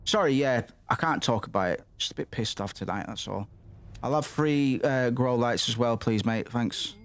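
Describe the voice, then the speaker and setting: A man's voice: medium pitch, moderate pace. A young man swearing and rambling through casual commentary while playing a game. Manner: sweary, rambling, muttering asides. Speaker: gaming streamer.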